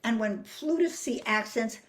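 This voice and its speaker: A woman's voice: on the high side, expressive, unhurried. An older woman teaching flute phrasing, explaining patiently and singing rhythms and counting beats aloud. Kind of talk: music masterclass.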